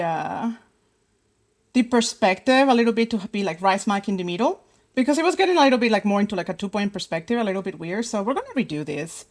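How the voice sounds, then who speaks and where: A young woman leads a casual drawing lesson, talking through each step as she sketches. She thinks out loud, backs up, restarts her sentences and fills the pauses with little words. Her pitch sits in an ordinary middle range for a woman. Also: animated. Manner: chatty, thinks aloud with many fillers and restarts. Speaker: art teacher.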